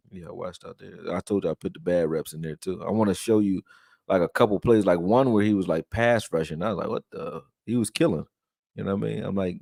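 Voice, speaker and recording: A man with a fairly low voice hosts a live sports stream and chats in a loose, way, now and then reading viewer comments aloud. The sound is dry and close, with no room around it. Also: a little mellow, dry recording. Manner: loose, conversational, reads viewer chat aloud. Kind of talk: casual live-stream film breakdown.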